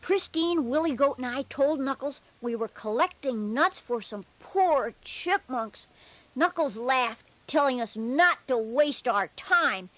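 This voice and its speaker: A high-voiced bear storyteller. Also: male voice, no room sound, heavily acted. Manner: gentle, earnest. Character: cheerful young male bear storyteller. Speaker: narrator. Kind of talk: children's storybook narration.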